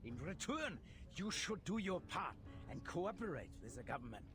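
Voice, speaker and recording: Stern officer with a forced German accent. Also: male voice, sits high, very animated, moderate pace, music in the background. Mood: lecturing. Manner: formal, lecturing. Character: stern male officer of arcane regulation.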